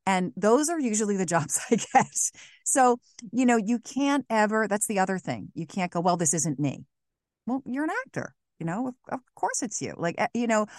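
A voice actress talking animatedly in an interview, emphatic and quick to laugh, with many restarts. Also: female voice, low-pitched, dry recording, studio quality. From United States. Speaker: voice actress, guest. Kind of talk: casual interview chat.

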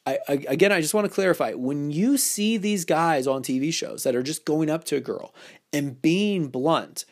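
A man's voice: on the high side, moderate pace. A man hosting a casual advice podcast, talking playfully and acting out the lines he quotes, with many restarts. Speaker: podcast host.

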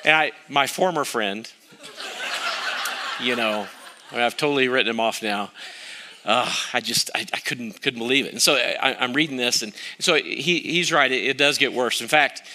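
Wry, bright-voiced male pastor preaching. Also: medium pitch, moderate pace. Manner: self-mocking, storytelling with wry humor. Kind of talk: sermon.

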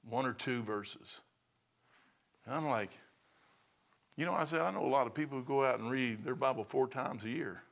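A man preaching a sermon in a church, his voice bright and forceful. He drives his points with emphatic repetition, rising to loud declarations and then dropping to near-mutters. His pitch sits in an ordinary middle range. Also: moderate pace. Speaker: pastor.

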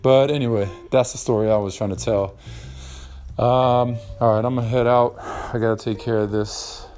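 A man's voice: mid-range voice, steady tone, normal speed, darkish tone. A young man hosting a casual solo podcast, rambling and swearing freely with lots of ums and uhs. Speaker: podcast host.

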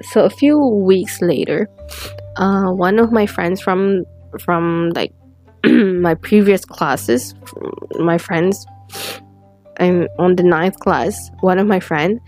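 A teenage girl telling a personal story in a rambling, halting way with many restarts, close to tears at times. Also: on the low side, a little mellow, faint music behind. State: tearful at times.

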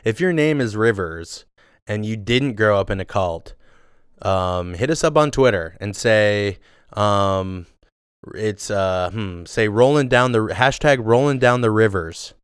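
Tipsy rambling man, smooth low voice. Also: expressive, unhurried, no room sound, clean studio sound. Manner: rambling, profane, joking. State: a little drunk. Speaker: podcast co-host. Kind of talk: casual chat.

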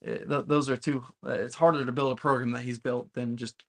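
Male podcast host, mid-pitched, blunt and emphatic; casual fan talk. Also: steady tone, fairly quick, creaky, fairly bright tone. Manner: emphatic, blunt, occasionally profane. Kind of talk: casual sports podcast chat.

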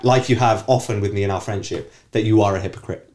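Low-voiced man hosting a casual podcast. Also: fast talker, a little mellow. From United Kingdom. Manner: teasing, argumentative. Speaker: podcast host. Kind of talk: casual chat.

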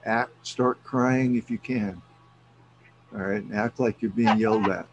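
Gravelly middle-aged man, animated storyteller. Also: fairly low pitch, unhurried, pauses often, slight background noise, rough recording. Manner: animated storyteller, swears freely, laughs often. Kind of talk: casual chat.

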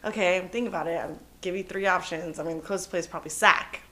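A young woman co-hosting a podcast, telling a story in casual chat, animated and cursing freely, laughing as she goes. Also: fairly low pitch, racing. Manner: animated, swears often, laughs through her story. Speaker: podcast co-host.

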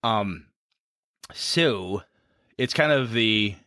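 Low, bright-voiced man chatting casually. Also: expressive, very slow, dry recording, studio quality. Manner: rambling, self-deprecating, full of fillers. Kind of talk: casual chat about tabletop gaming.

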